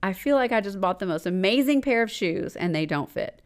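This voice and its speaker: With a mid-range, animated voice, this forties-aged podcast co-host reads a letter from a listener, pausing for effect and breaking into frequent laughs on the easygoing show.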